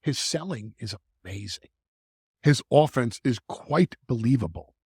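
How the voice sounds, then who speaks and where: A man talking as a guest in a podcast conversation, animated and repeating words as he restarts his thoughts. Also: mid-range voice, measured pace, vocal fry, slightly rough, no echo, studio quality. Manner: animated, stumbling restarts, stretches words for emphasis. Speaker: wrestling manager guest.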